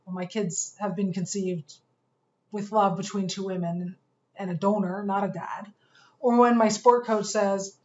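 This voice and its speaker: An earnest woman narrates a personal story for a course, speaking in a measured way and pausing often. Her voice sits at an ordinary middle pitch. The recording sounds a little dull and muffled. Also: fairly even intonation, a little mellow. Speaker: fitness coach course instructor.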